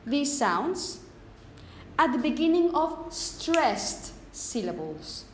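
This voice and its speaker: A woman's voice: high-pitched, big pitch swings, slow. A Spanish-speaking woman teaching a phonetics class, explaining step by step and checking in with the students often. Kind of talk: classroom lecture. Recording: roomy classroom, faint background noise.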